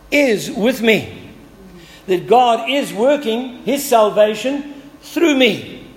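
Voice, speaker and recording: A man with a high voice preaches a sermon as a pastor in a church. He stretches out key words and moves between loud declarations and near-whispered phrases. A long reverb from the large hall trails every line.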